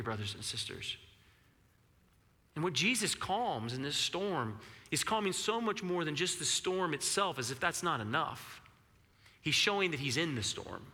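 A man preaching a sermon in a conversational, animated way, acting out the questions he quotes. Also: a little high, long reverb tail. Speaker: pastor.

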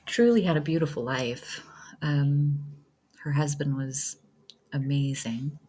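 A woman speaking to her viewers in a halting, emotional way, close to tears, as a spiritual vlogger reflecting on loss. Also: deep voice, mellow, slightly rough. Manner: halting, emotional, with many pauses and fillers. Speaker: spiritual vlogger, self-described light worker. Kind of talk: casual reflective talk to viewers.

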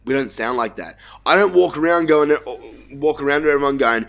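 Give me an Australian man hosting a relaxed film review, loose and profane. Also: a little high, fairly quick, vocal fry. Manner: laid-back, swears freely, frequent restarts. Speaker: podcast host. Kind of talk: casual film review chat.

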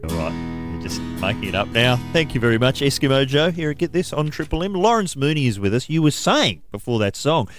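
A man's voice: mid-range voice, big pitch swings, fairly quick, soft background music. A man, hosting a radio show and chatting with a comedian guest. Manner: laughs easily, chatty interviewer. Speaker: radio host. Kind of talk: casual radio chat.

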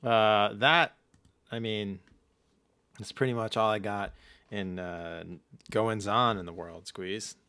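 A man's voice: on the low side, fairly even intonation, takes it slowly, pauses often, bright, forceful tone, smooth, dry recording. A man co-hosting a casual podcast chat, jokey and rambling, often laughing. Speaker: podcast co-host.

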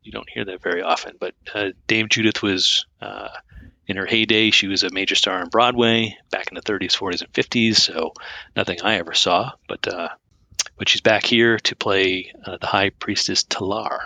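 Gravelly-voiced male podcast co-host. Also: on the low side, steady tone, moderate pace, sharp tone, no echo. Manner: rambling, many fillers and restarts. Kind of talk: casual chat.

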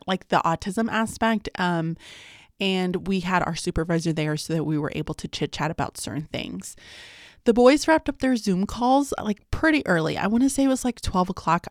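A woman's voice: fairly low pitch, no room sound, studio quality. A woman in her thirties hosting a podcast, chatting casually about her day, laughing often and calling her listeners "guys.". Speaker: podcast host. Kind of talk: casual video-diary chat.

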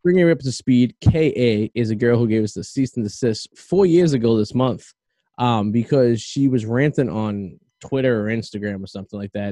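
A man hosting a loose podcast conversation, his voice mellow and relaxed. He rambles through opinions with plenty of ums and uhs. The recording is dry and close. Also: mid-range voice, no echo. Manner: rambling, opinionated, with lots of fillers. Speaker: podcast host. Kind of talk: casual podcast chat.

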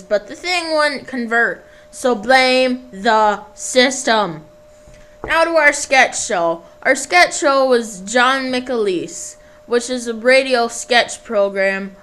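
A woman's voice: on the high side, fairly bright tone, poor audio. A woman hosting a homemade radio show in a rambling, self-deprecating, jokey way.

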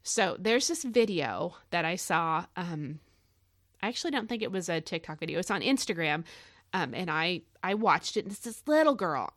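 Middle-aged woman, podcast host, chatty animated storyteller, close dry mic, mid-pitched voice. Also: no echo. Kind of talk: casual devotional podcast chat.

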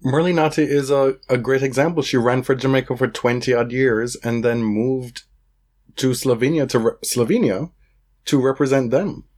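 A man in casual podcast chat, his voice husky and a little rough. He speaks bluntly and dryly. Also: mid-range voice, steady tone, moderate pace, a little mellow. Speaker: podcast co-host. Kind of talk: casual chat about tennis.

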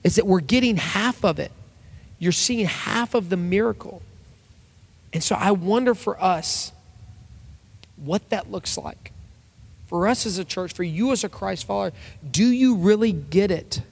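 Gravelly-voiced man preaching a sermon. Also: high voice, unhurried, pauses often. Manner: conversational preaching with acted quotes. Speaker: pastor.

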